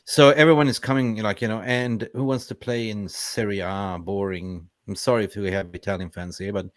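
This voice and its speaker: Rambling low-voiced male host. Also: fairly even intonation, a little fast, dry recording, studio quality. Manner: rambling, many fillers and restarts. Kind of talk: casual call-in chat.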